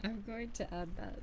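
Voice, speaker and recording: A woman streaming soft-spoken ASMR, chatting with viewers in a soft, giggly voice that drifts into whispers. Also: mid-range voice, gravelly, background noise.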